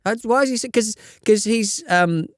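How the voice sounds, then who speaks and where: A man co-hosting a casual podcast, his voice sitting a little higher than most men's. He jokes constantly, laughs easily, and tosses out absurd one-liners in loose, chatty talk. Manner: joking, quick to laugh, riffs on absurd examples. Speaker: podcast co-host. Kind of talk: casual chat.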